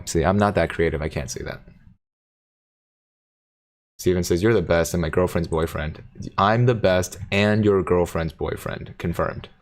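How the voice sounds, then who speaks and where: Deep-voiced guy on a livestream, chatty and jokey, reading out chat. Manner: reads viewer comments aloud, jokey and playful.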